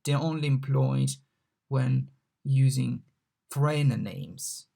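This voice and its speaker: Slow, gravelly-voiced language mentor. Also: medium pitch, mellow. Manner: patient, repeats each example word slowly. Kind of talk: recorded online lesson.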